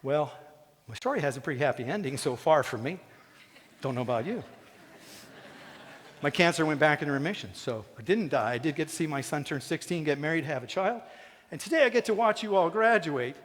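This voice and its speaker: This commencement speaker has a slightly high, somewhat bright voice with lively intonation, and he talks briskly. Speaking from a theatre stage, he swings from folksy humor to heartfelt sincerity in a personal address. The theatre lends the audio a long, hall-like reverb.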